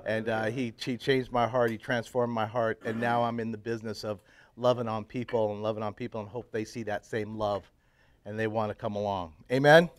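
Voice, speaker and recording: A man in his fifties, a church pastor, casually telling his life story to a men's breakfast group, swinging from loud, laughing bursts to quiet, earnest stretches. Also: fairly low pitch, fairly even intonation, fairly quick. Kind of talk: casual personal testimony talk. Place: live talk to a roomful of men at a breakfast.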